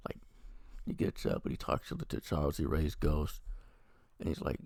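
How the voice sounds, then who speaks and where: Male vlogger, very low and husky, dark tone, dry close sound; loose profane episode recap. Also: moderate pace, pauses often, dry recording. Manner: rambling, profane plot recap. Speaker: TV review vlogger. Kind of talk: casual episode review.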